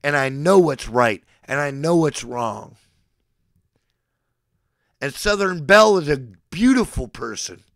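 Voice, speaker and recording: A man in his forties with a slightly high, gravelly voice, sounding dry and close. He rants to his livestream chat like a mock preacher. He is aggressive and boastful, hurling profane threats, then abruptly declares his love for his regular viewers. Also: expressive, takes it slowly, long pauses, no echo. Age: 40s. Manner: swings between threats and affection. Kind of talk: mock-sermon rant to a live chat.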